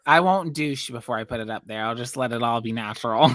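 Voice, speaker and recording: A man's voice: medium pitch, fairly bright tone. A man co-hosting a casual live-stream chat over a video call, full of bawdy joking banter.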